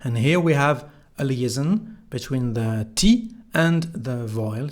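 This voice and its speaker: French man teaching pronunciation slowly. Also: mid-range voice. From France. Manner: slow, careful explanations with modeled phrases to repeat. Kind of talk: online language lesson.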